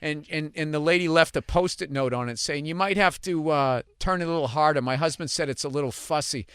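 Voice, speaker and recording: A man's voice: a little high, fairly quick, a bit bright, clear, resonant tone, no echo, studio quality. A man with a Boston accent hosting a podcast, telling rambling stories in casual chat with swearing and laughter. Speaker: podcast host.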